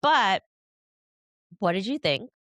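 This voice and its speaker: A woman's voice: medium pitch, big pitch swings, slow, fairly bright tone, no room sound. Young woman, podcast co-host, chatty and giggly, dry close sound. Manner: chatty, lots of likes and laughs. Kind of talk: casual chat.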